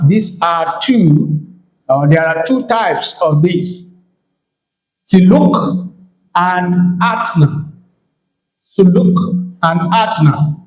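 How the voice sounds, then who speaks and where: A man with a high voice teaches a Hebrew grammar lesson at a slow, deliberate pace. He repeats each term and keeps reminding the learner to take note. The room around him is echoey.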